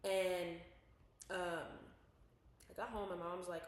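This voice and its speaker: Echoey, animated young woman telling a story. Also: lowish voice, slow pace. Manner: animated, swears a lot, acts out quotes. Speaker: podcast co-host. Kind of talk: casual storytelling chat. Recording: very echoey room.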